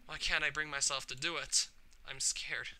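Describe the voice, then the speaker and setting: A man's voice: on the high side, fairly even intonation, moderate pace, sharp tone, faint music behind. A man reading aloud as a troubled, shy teenage girl from a visual novel, emotional, his voice climbing into cries. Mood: brooding.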